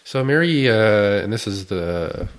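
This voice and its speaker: Deep-voiced male host, playful, laughs easily, casual explainer. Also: lively intonation, measured pace, smooth. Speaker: podcast host teaching a practice.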